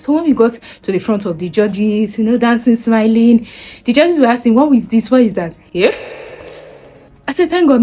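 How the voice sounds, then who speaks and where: A young woman in her twenties with a Nigerian accent, telling a story to camera in a lively, casual way and acting out what people said. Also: mid-range voice, husky. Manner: animated, acts out quoted voices. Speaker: vlogger.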